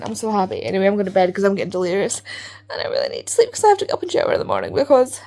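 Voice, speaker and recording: This book vlogger has a mid-range, gravelly voice and speaks in quick bursts. Her relaxed reading chat is lively and meandering, packed with fillers.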